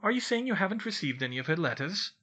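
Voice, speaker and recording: A firm, dignified older woman professor speaks formally and commandingly, put on by a man narrating. The voice sits a little high and sounds sharp. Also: sing-song, fast talker, heavily acted. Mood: stern.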